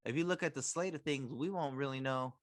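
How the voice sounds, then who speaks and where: Relaxed male podcast guest, dry mic. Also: medium pitch, brisk, no room sound. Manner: relaxed, personal storytelling. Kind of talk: casual podcast chat.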